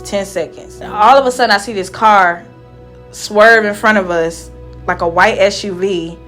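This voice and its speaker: Chatty young woman vlogger retelling a story. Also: mid-range voice. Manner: chatty, emotional retelling, often trailing off softly. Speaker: hairstylist vlogger. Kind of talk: casual storytelling to camera.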